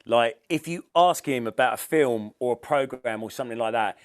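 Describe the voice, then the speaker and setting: A man's voice: medium pitch, moderate pace. A young man on a podcast, telling a road-trip story casually, swearing freely. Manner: swears freely, laughs through stories. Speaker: podcast co-host. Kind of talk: casual chat.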